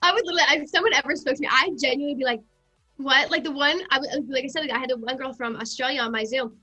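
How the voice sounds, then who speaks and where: A young American woman with a high, bright, sharp voice chatting away as a podcast guest. She talks in a bubbly rush, piling on filler words, while faint music plays underneath. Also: lo-fi sound. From United States. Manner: bubbly, rapid, many "like" fillers. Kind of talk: casual chat.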